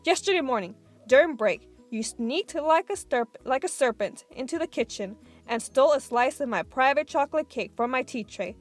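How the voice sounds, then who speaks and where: A tyrannical headmistress, played by a woman in a storybook reading, shouts every line at full volume. The voice is high-pitched and harsh, spitting out insult after insult. Soft music sits faintly underneath. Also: expressive, moderate pace, few pauses. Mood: ranting. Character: bellowing tyrannical female headmistress. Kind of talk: audiobook reading.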